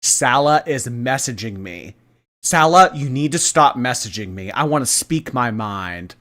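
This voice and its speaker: A man doing a mocking impression of a whiny woman streamer, drawn-out and sarcastic. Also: medium pitch, animated, bright, forceful tone.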